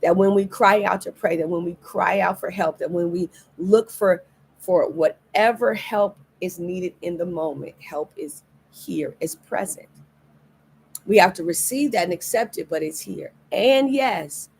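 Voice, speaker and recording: A woman's voice: fairly low pitch, measured pace, gravelly, a little mellow, a little hiss or hum. A middle-aged woman pastor giving a livestreamed devotional sermon, earnest and repeating key phrases for emphasis. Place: indoors, recorded for a livestream.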